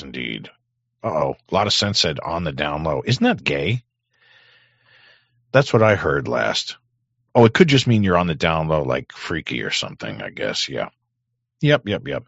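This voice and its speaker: A man hosting a talk show, rambling in crude, sarcastic casual commentary with a hoarse voice. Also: a bass voice, big pitch swings, normal speed, long pauses, a bit bright, no echo, muffled recording. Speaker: podcast host.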